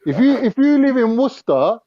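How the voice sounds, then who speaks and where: A man's voice: very high voice, big pitch swings, brisk, no echo, lo-fi sound. A man chatting and joking on an online panel. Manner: jokey, laughing. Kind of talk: casual chat.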